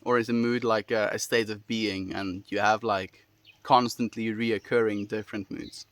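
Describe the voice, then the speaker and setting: A man's voice: lowish voice, normal speed, no echo. Friendly man chatting on a livestream. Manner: relaxed and friendly, many fillers, laughs often. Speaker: livestream host reading chat. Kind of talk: casual chat.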